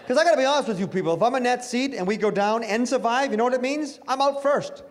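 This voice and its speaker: A middle-aged man doing a stand-up comedy routine on a club stage, with a brash, punchy delivery and sudden loud bursts. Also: extremely high pitch, animated, very fast, hardly any pauses, a little hiss or hum.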